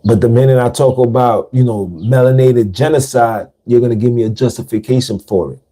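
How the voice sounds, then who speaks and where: A man's voice: medium pitch, a little fast, mellow. A man hosting a podcast, talking casually in street slang and repeating words for emphasis. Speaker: podcast host. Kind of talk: casual monologue.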